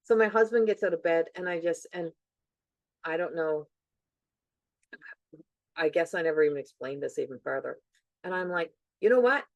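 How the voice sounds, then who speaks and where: A woman's voice: sits low, normal speed, pauses often, no room sound, lo-fi sound. A middle-aged woman hosting a podcast, talking in an earnest, reflective way and repeating phrases for emphasis. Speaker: podcast host. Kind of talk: reflective casual chat.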